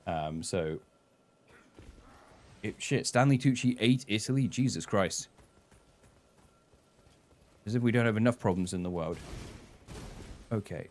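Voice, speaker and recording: Male streamer, lowish voice, chatty and sweary, reacts loudly to the game. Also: measured pace, long pauses. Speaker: gaming streamer. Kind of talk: casual live-stream commentary.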